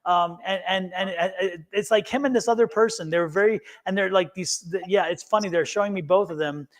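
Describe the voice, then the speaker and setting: A high-pitched man reads tarot on a live stream, speaking earnestly and reassuringly. He often stops mid-phrase, repeats himself and starts over. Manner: halting, many restarts and repeated words. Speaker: tarot reader. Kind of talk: live-streamed psychic reading.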